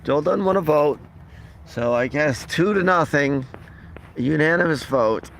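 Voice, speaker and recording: A man's voice: fairly high pitch, expressive, measured pace, gravelly, a bit bright, a little hiss or hum, rough recording. A man chatting casually on a live stream, rambling and reading out viewer comments as he signs off. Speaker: vlogger wrapping up a live stream.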